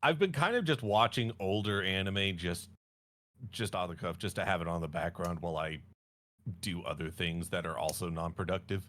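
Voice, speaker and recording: A low-voiced man chatting casually as a stream co-host. He rambles and jokes, stopping often to correct himself. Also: normal speed, fairly bright tone. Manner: rambling, jokey, self-correcting storyteller. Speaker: podcast co-host. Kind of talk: casual chat.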